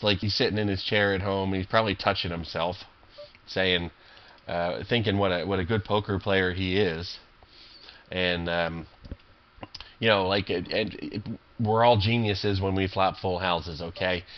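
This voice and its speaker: Low-voiced man, cranky and foul-mouthed, talks over his poker games in a muffled lo-fi take. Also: steady tone, normal speed. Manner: irritable, swearing, rambling with many fillers and restarts. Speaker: online poker player commentating his own games. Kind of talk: profane live game commentary.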